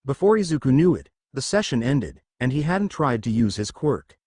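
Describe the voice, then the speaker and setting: Man, narrator, fan fiction reading, steady storytelling, animated pitch, dry recording. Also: moderate pace, husky, dry recording.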